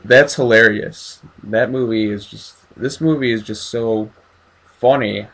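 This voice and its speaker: A man's voice: lowish voice, steady tone, measured pace, a bit bright, husky. Enthusiastic man hosting a movie review. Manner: enthusiastic, asks questions. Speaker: host of a horror review channel. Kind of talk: casual review chat.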